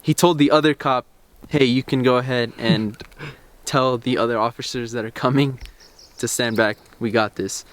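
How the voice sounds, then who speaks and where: A man's voice: medium pitch, normal speed, few pauses. A young man hosting a car vlog, casually telling a story outdoors and acting out bits of quoted dialogue, recorded on a camera-mounted shotgun mic. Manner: relaxed, chatty, retells events with quoted dialogue. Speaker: car channel host. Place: outdoors by parked cars.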